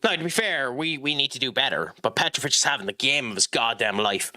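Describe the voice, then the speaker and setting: A man streaming a football management game, chatting with viewers in a rambling way and reacting loudly to the match. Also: mid-range voice, lively intonation, fast. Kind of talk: live gaming stream chat and match commentary.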